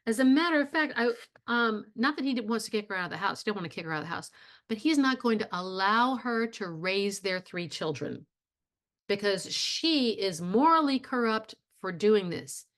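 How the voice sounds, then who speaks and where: A woman's voice: mid-range voice, animated, normal speed, fairly bright tone. A woman instructor giving a casual video lecture, retelling a play in a plainspoken way with frequent fillers. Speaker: theatre instructor.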